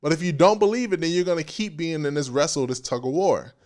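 A man preaching a casual sermon in an animated, playful way, with slang and frequent laughs. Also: a little high, fast.

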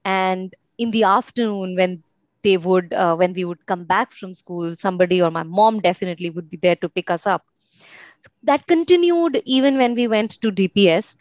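A woman's voice: mid-range voice, normal speed, no room sound. Young woman from India, interview guest, reflective storytelling, many fillers, dry muffled sound. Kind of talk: casual conversational interview.

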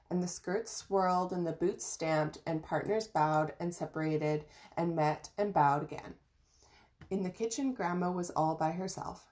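Gravelly-voiced woman reading a storybook. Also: lowish voice. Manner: gentle, even reading with small slips and restarts. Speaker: reader of an audiobook chapter. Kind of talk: storybook read-aloud.

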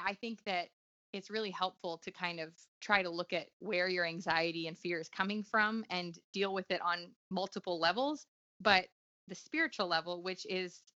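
A woman's voice: on the low side, bright, forceful tone, no echo, lo-fi sound. A woman talking earnestly and reflectively in an interview, with frequent fillers and restarts. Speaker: guest author. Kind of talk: conversational interview.

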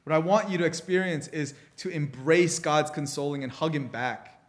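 Brief: male preacher, slightly high pitch, animated sermon storytelling with frequent restarts. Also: normal speed.

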